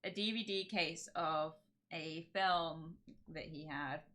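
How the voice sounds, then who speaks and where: A chatty woman hosts her stream, talking in loose, giggly rambles that restart mid-sentence. Her voice sits a little low but rings bright and forceful. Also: slow pace. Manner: rambling, giggly, self-interrupting. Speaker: streamer host. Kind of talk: casual chat on a livestream.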